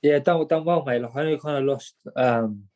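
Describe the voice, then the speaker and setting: A man's voice: medium pitch, brisk, a little mellow, rough recording. Young guy, boxer on a podcast, rambling, repeats himself, says mate a lot. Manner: rambling, repeats words, many "mate" and "do you know what I mean". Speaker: guest, boxer. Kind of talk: casual storytelling.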